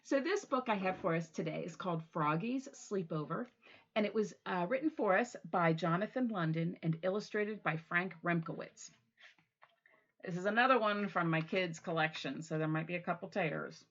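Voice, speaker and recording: A woman reading a children's storytime from her home, playful and animated with the kids. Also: lowish voice, normal speed, muffled recording. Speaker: library storytime reader.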